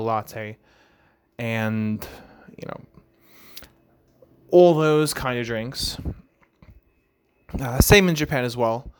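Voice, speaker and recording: Chatty Long Island man hosting a podcast. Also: mid-range voice. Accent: Long Island New York. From Long Island, New York. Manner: relaxed and chatty, with many "uh", "you know" and "right?". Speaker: podcast host. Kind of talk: casual solo podcast talk.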